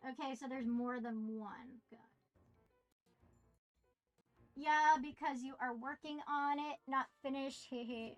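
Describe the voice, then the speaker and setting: A woman with a high, light voice streams a game and chats with her viewers. She talks in an unhurried, playful way, muttering to herself and teasing the game. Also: faint music behind. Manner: playful, talks to herself and reads chat aloud. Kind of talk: casual gameplay live stream chat.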